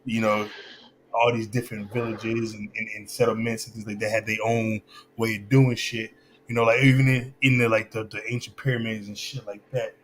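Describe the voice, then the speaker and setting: A man's voice: fairly low pitch, level tone, fairly quick, slight background noise. A man in casual chat, talking loosely and stopping to find where his thought was going. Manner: loose, searching, loses his train of thought.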